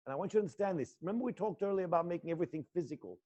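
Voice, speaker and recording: A male acting teacher guiding students through an intense exercise, swinging between low muttered lines and loud coaching. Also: lively intonation, racing, highs cut off. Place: indoor room.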